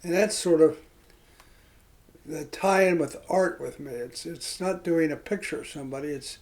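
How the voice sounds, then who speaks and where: An older man telling reflective personal stories in a rambling, halting way, with many fillers and restarts. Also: on the high side, a little mellow, poor audio. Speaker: interviewee. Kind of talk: reflective storytelling.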